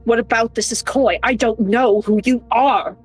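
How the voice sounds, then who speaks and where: A woman voicing a lost, cornered young man who fires off frustrated, whisper-shouted questions in a tabletop game. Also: fairly high pitch, moderate pace, slightly rough, faint music behind.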